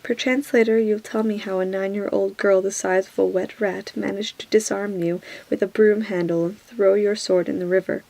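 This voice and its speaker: A woman's voice: mid-range voice, steady tone, normal speed, vocal fry, hardly any pauses, close to an everyday voice, low-quality recording. A woman voicing a mocking, amused young lord in a whispered role-play. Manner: soft whisper.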